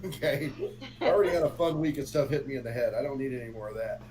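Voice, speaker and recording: A man's voice: mid-range voice, rapid-fire, a crowd in the background, low-quality recording. A man chatting casually with friends, telling stories with dry, wry humor. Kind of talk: casual chat. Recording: noticeable hum behind voice.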